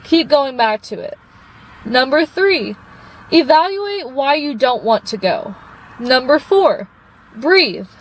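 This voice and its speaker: High-voiced young woman cheering viewers on. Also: sing-song, takes it slowly, low-quality recording. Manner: earnest and encouraging, calls viewers babe. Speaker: vlogger. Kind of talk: casual motivational talk to camera. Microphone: phone propped up.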